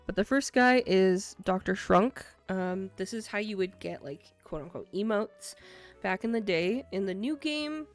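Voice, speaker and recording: A woman streaming a video game, chatting casually and excitedly about what she sees, with frequent laughs. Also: mid-range voice. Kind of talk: casual gameplay commentary.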